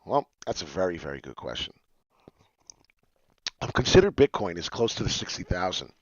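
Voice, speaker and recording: Man, low-ish voice, animated crypto chart streamer, muffled dry lo-fi audio. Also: normal speed, dry recording. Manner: excitable, talks straight to followers. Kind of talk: casual live-stream chart talk. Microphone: webcam mic, seen on stream.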